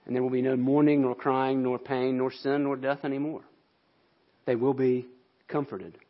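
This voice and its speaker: A man's voice: mid-range voice, level tone, moderate pace, lo-fi sound. A man pastor delivering a sermon in an earnest, explanatory way.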